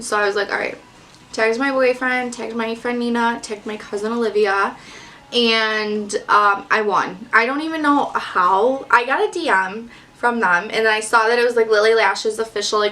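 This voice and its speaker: A woman's voice: on the high side, sharp tone, a little hiss or hum. Young woman vlogging makeup at home, super chatty, tons of likes, sounds a little distant. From Detroit area, US. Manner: chatty, lots of "like" fillers, bubbly and swearing casually. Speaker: beauty vlogger. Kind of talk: casual makeup chat to camera. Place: at home, in front of a mirror.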